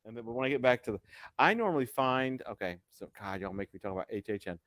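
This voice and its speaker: A man's voice: mid-range voice, animated, fast talker, fairly bright tone, no echo. A man hosting a casual live video chat, rambling and joking with some swearing. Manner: rambling, profane, jokey. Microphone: video call.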